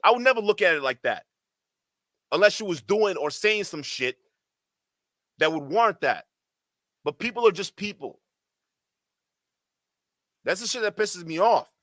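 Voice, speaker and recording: A man's voice: high voice, a bit bright, dry recording, studio quality. A man hosting a livestream, giving heated, profane commentary in a ranting manner. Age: adult. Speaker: streamer host.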